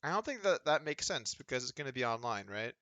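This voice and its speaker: Sardonic bright-voiced man streaming poker. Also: mid-range voice, very animated, fast talker, no echo, muffled recording. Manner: rambling, sardonic, mocking impressions of others. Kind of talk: casual livestream chat while playing online poker.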